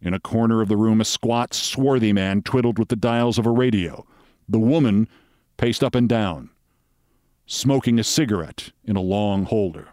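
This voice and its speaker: A man reading a comic mystery story aloud in a steady, dry storytelling voice. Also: fairly low pitch, normal speed, no echo. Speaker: narrator.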